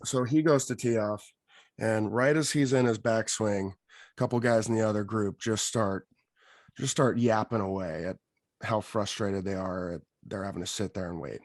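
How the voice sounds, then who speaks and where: A man hosting a podcast, telling an animated story and acting out what people said. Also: lowish voice, normal speed, no room sound, studio quality. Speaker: podcast host. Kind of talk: casual storytelling.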